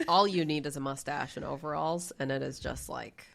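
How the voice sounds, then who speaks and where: Low, gravelly-voiced woman chatting. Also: fairly quick. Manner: chatty, animated storytelling, frequent fillers and swearing. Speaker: podcast co-host. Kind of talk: casual chat.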